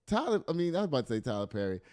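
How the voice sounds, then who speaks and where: A man hosts a loose news commentary show, reading headlines and then riffing on them with laughter and the odd curse. His voice sits at an ordinary middle pitch. The sound is dry and close, with no room around it. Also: fast, no room sound. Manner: animated, laughing, swearing, reads news aloud then riffs. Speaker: podcast host.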